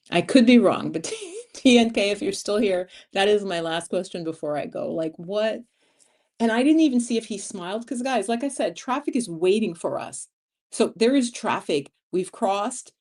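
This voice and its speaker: An American woman in her fifties hosting a vlog, chatting casually with viewers, reading their comments and acting out quotes with frequent laughs. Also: fairly low pitch. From United States. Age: 50s. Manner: chatty and animated, laughs often, acts out quotes. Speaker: vlog host.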